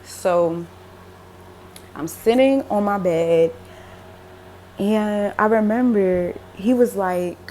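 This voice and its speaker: A woman's voice: medium pitch, very slow, long pauses, warm tone, slight background noise. A young woman telling a religious dream in a casual, emotional way, with many fillers like "like" and "um". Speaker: religious vlogger. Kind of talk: casual spoken dream testimony.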